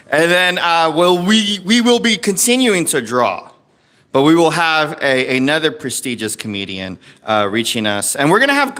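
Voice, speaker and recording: Bright, rambling comedy show host. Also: male voice, a little high. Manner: rambling, full of ums and uhs. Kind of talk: livestream emcee chat. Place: comedy club stage.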